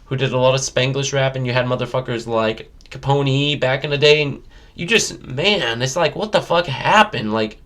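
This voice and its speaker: A man's voice: mid-range voice, moderate pace, a bit bright. A man from the United States, a rapper talking in a casual interview, emphatic and profane, with many "you know" fillers.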